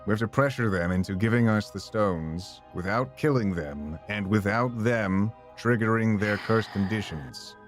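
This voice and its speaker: A man's voice: lowish voice, lively intonation, moderate pace, few pauses, faint music behind. A man casually chatting and planning moves while playing a game with a friend. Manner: thinking aloud, planning. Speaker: host. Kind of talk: casual let's-play chat.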